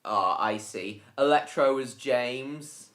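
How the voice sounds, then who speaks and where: Mężczyzna prowadzący swobodną transmisję na żywo, luźny i zgodny, jasna barwa głosu. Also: male voice, medium pitch, slow, a bit bright. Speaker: host. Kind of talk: casual live stream chat.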